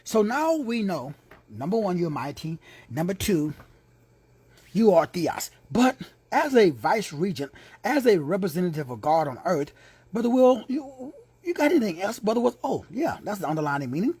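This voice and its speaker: Husky, lively-pitched male Bible teacher. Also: normal speed, dry recording. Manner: emphatic, repeats key words, slangy asides. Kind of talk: teaching sermon.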